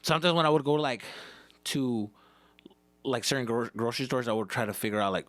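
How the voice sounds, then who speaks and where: Comedian guy telling stories, bright tense voice, swears a lot, very dry close sound. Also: medium pitch, fast talker, no echo. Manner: animated, heavy swearing, acts out scenes. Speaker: comedian and podcast host. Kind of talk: profane comedic storytelling monologue.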